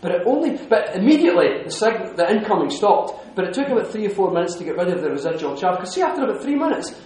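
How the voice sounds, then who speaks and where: A man telling a lively story to an audience, laughing often and restarting his sentences. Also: sits high, fast. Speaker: speaker giving a talk. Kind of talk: lively anecdotal talk to an audience. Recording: echoey hall.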